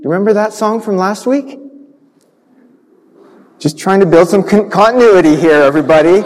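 Animated man telling a children's sermon. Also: sits high, moderate pace, pauses often. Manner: animated storytelling with sound effects. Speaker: pastor. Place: church sanctuary. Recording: long church reverb.

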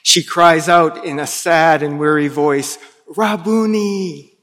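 Slow-preaching pastor in a reverberant hall. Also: male voice, fairly high pitch, level tone. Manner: slow, dramatic storytelling with hushed pauses. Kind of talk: sermon. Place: church sanctuary. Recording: long reverb of a large hall.

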